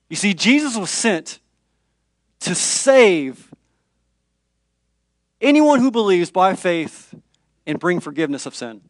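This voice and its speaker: A man, a pastor with young children at home, preaching a dramatic sermon that moves between hushed and raised passages. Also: high-pitched, very animated, measured pace, pauses often, no echo, clean studio sound.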